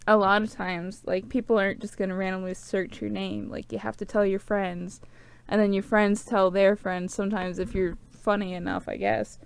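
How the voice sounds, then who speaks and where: A young woman with a small channel vlogs to camera, sniffling and tearful as she rambles casually and leans heavily on "like." Her mid-range voice is creaky, fairly even in intonation, and moderately paced, with slight background noise.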